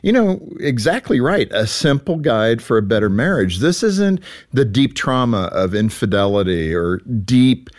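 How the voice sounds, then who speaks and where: A man hosting an interview, friendly and lively, laughing easily as he asks questions. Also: medium pitch, normal speed, hardly any pauses. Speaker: radio show host. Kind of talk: interview conversation.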